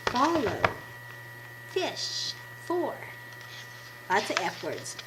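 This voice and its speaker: Woman, hoarse from a cold, scratchy voice, children's show host, lively pitch, noisy recording. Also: very slow. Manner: warm, encouraging teacher talk to children. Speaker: puppet ministry host. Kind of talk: children's devotional puppet show. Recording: steady background noise.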